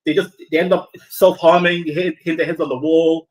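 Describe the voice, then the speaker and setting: A young man from Somalia telling a spooky story to a group of friends in a casual, animated way, full of swearing, repeats and restarts. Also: fairly high pitch, normal speed, rough recording.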